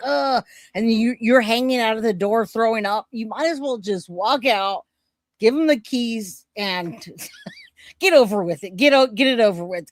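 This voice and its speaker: A woman's voice: mid-range voice, dry recording. A woman giving blunt, scornful casual commentary over a video she is reacting to.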